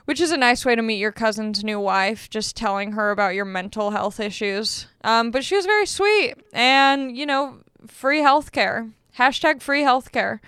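A woman's voice: a little high, animated, moderate pace, a bit bright, clear, resonant tone, no echo, studio quality. A young woman, a comedian hosting a podcast, telling stories in casual, self-deprecating chat. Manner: chatty, self-deprecating storytelling.

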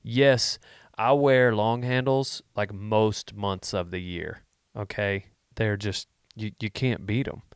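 Guy hosting a vlog, low voice, deadpan jokes, wanders off on tangents. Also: slow, hardly any pauses, smooth, no room sound, clean studio sound. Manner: joking, deadpan, wandering asides. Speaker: vlog host answering viewer questions. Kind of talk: casual rambling chat.

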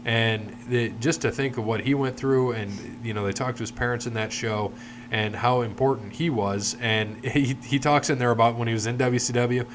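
A man's voice: mid-range voice, steady tone, normal speed, background noise. A middle-aged man hosting a casual podcast, telling long stories with a lot of swearing. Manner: rambling, profane storyteller. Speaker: podcast host.

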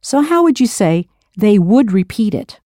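A woman narrates a scripted audio language lesson with a warm, mellow tone. She is recorded close and dry. She patiently poses drill questions and confirms each answer. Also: mid-range voice, very animated, measured pace, no echo. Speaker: language teacher.

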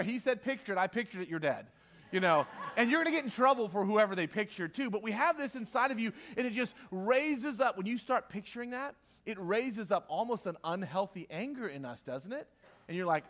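A man's voice: high-pitched, lively intonation, normal speed, fairly bright tone. A man preaching a conversational sermon to a live congregation, repeating key lines for emphasis and acting out quoted voices. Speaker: pastor. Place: church hall with a live audience.

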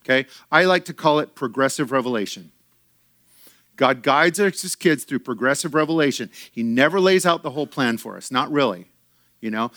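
A man preaching a sermon to his church in an animated way, acting out quoted voices and laughing often. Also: medium pitch, no room sound, studio quality. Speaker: pastor.

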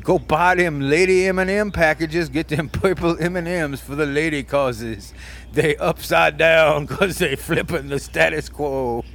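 Fairly high, creaky and fairly bright, a man's voice carries a comedic send-up of an older soul singer. The podcast co-host sweet-talks smoothly and teasingly, calling everyone baby and stretching out a crooned "baby" at each line's end.

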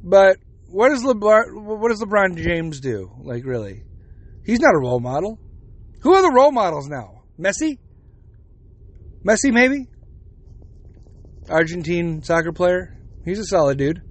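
A man's voice: high voice, sing-song, unhurried, pauses often. A man in his forties hosting a podcast, ranting bluntly with plenty of swearing. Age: 40s. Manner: profane, blunt, heated. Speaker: podcast host. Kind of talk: opinionated podcast rant.

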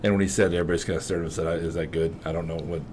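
A man's voice: low-pitched, level tone, rapid-fire, darkish tone, a little hiss or hum. A man in his forties co-hosting a podcast, chatting casually in a rambling, self-deprecating, joking way. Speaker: podcast co-host. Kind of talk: casual chat.

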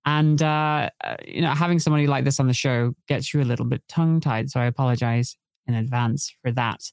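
Giggly gravelly podcast host. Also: male voice, medium pitch, fairly even intonation, fairly quick, no echo, studio quality. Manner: giggly, self-deprecating, rambling. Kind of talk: live-streamed podcast chat.

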